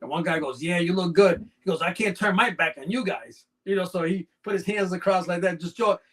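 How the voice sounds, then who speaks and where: A snake breeder appears as a podcast guest, chatting casually in a high-pitched, brisk, slightly bright voice. He spins long, rambling anecdotes constantly sprinkled with "you know."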